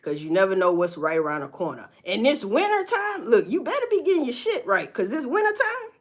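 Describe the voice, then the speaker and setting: A woman's voice: on the high side, huge pitch swings, brisk. A woman chatting casually with viewers on a live stream, blunt and profane, with emphatic outbursts. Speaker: livestream host. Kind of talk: casual livestream chat to viewers.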